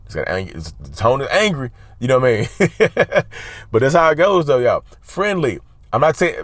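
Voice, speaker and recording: The man's voice sits in the mid range, captured without room sound. As a mental health channel host, he offers casual advice, repeating key words for emphasis and calling viewers "y'all."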